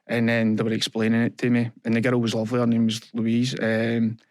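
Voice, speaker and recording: Retelling events and quoting people along the way, a young adult Scottish man talks in a halting, earnest manner as a guest on a candid personal-interview podcast. His fairly level voice is recorded close and dry, without any echo or room.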